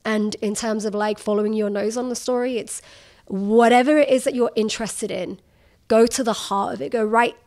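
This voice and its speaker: Woman journalist in her 30s chatting on stage, kinda high voice, laughs a lot and acts out people she's quoting. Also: moderate pace. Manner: animated, laughs often, acts out quoted people. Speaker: journalist guest. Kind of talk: candid conversational storytelling.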